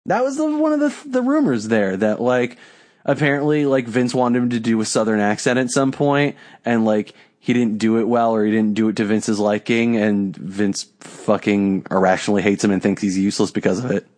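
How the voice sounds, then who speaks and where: A man's voice: on the low side, normal speed, darkish tone. A young man co-hosting a podcast in casual chat, ranting with lots of profanity and exasperation. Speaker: podcast co-host.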